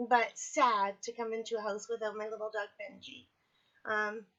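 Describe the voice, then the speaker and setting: Woman vlogger, fairly high voice, chatty and candid, recovering and sore, dull lo-fi home audio. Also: a bit bright. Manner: chatty, candid, apologetic asides. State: recovering from surgery, in pain. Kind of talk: casual personal video diary. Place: at home, indoors.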